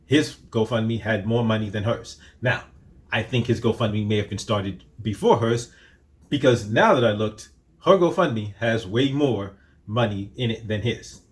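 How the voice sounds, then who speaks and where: A man's voice: fairly low pitch, unhurried, breathy edge. A man hosting his own opinion commentary, pressing the same questions again and again in a heated, rhetorical way. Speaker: commentary channel host.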